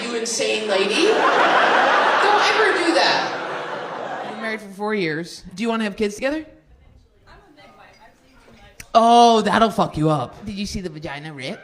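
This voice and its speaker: A woman doing stand-up comedy with crowd work, loud, incredulous and mock-outraged at audience members. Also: mid-range voice, expressive, moderate pace. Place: comedy club stage. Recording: echoey club from far off, loud crowd laughter.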